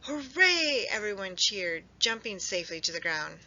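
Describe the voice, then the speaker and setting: A woman librarian reading a storybook aloud at story time, expressive and lively. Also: fairly low pitch, measured pace. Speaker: children's librarian. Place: public library. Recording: dull lo-fi recording.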